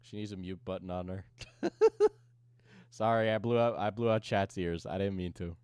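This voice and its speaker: A man's voice: low-pitched, steady tone, a little fast, darkish tone, smooth, dry recording. A man streamer giving casual, rambling reaction commentary and chuckling often.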